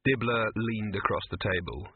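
A man narrating an audiobook in a lively, expressive storytelling manner. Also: lowish voice, normal speed, slightly rough, no echo. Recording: tinny phone-like dry recording.

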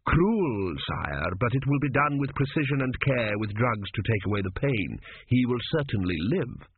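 A man reading aloud, voicing an old male high priest who speaks with oil-smooth, measured formality. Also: dry recording. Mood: coldly polite. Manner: measured, formal, coldly polite. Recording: dry, tinny phone-like sound.

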